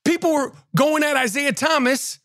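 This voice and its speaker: A man's voice: very high voice, moderate pace, a bit bright, dry recording, clean studio sound. A man ranting in a casual, profane, mocking way as a podcast host. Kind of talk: casual rant.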